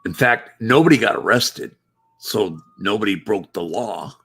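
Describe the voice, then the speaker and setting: A man hosting a casual live-stream chat, talking slowly and haltingly as he thinks aloud. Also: on the low side, animated, gravelly, a bit bright, slightly rough, faint music behind. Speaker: show host.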